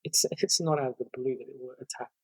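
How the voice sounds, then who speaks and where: A man with a slightly husky, breathy voice walks through an argument in a long conversational explanation. He is measured and lists points one after another. The sound is dry and close. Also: medium pitch, fairly even intonation, darkish tone, no room sound, rough recording. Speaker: guest lecturer.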